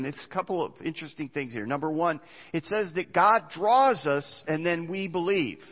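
A man's voice: on the high side, animated, normal speed. A man preaching a sermon as pastor, earnest, reading scripture aloud with small restarts. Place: church sanctuary. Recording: muffled church recording with long reverb.

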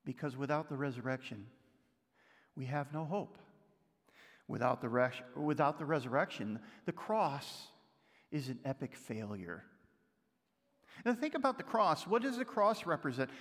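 High-voiced male pastor in a reverberant hall. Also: animated, unhurried, long pauses. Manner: storytelling, reads scripture aloud, shifts between loud and hushed. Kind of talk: sermon.

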